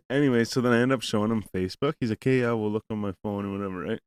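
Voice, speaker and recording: Low, smooth-voiced man telling a rambling story. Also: fast talker, no room sound. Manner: rambling and profane, full of "like" and "man"; acts out both sides of a conversation. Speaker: podcast host. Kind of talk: casual storytelling chat.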